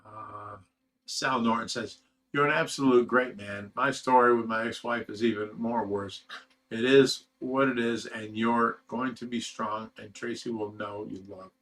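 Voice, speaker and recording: Unhurried and a bit bright, this medium-pitched, steady male voice belongs to a fish rescue channel host from Ohio. The middle-aged man reads his live chat during a casual stream and wanders through personal stories full of fillers and feeling.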